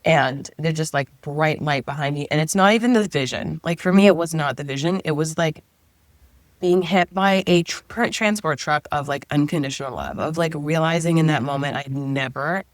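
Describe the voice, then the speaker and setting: A woman's voice: deep voice, moderate pace, dry recording. A middle-aged woman, a guest, telling a personal story in a casual, chatty way, often saying 'like' and voicing her own past thoughts aloud.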